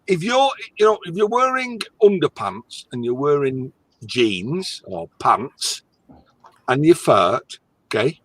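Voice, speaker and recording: A man's voice: on the high side, breathy edge, no room sound, rough recording. A man chatting casually in a workshop, telling crude jokes with his co-hosts. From Ireland. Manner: joking, crude banter. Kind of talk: casual chat. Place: office workshop.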